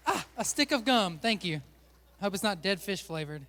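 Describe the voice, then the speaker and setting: A man with a high voice leads a lighthearted sermon from a church stage. He jokes and teases the people up front with him, in a chatty, upbeat way. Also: lively intonation, moderate pace, pushed and bright, long reverb tail, a faint crowd. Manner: joking, chatty, teasing the volunteers. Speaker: pastor. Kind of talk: playful sermon with a stage game.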